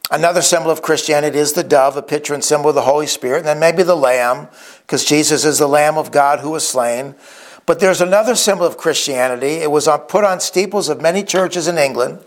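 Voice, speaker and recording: A man's voice: fairly high pitch, fairly quick. A man preaching a sermon in an earnest tone, acting out the quoted speakers as he retells scripture stories. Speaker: pastor.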